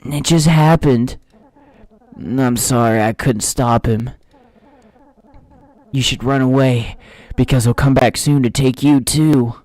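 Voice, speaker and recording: A man voicing a regretful male doll servant, reading the lines aloud slowly and plainly. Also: mid-range voice, steady tone, a little mellow, no echo, voice pushed up, lightly acted. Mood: urgent. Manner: reads the game's text aloud slowly and plainly.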